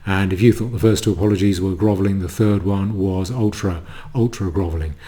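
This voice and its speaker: A man giving a sardonic monologue commentary, full of mocking asides and halting restarts. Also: low-pitched, steady tone, warm tone.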